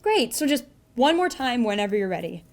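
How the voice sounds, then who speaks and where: A woman's voice: a little high, very animated, brisk. A woman playing an anxious, pleading casting director who runs auditions over a video call in a comedy sketch. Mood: patient. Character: desperate, high-strung female casting director.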